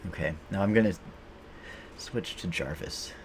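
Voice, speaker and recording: Low-voiced man rambling over gameplay. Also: measured pace, noisy background. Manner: rambling, many fillers and restarts. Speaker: game streamer. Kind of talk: casual gameplay commentary.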